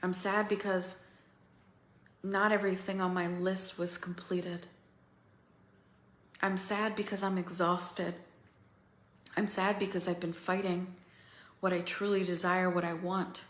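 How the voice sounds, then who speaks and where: A woman coaching other women through a feeling practice, slow and pausing, candid and swearing now and then. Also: fairly low pitch, little pitch movement, a bit bright, echoey room. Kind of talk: guided emotional coaching talk.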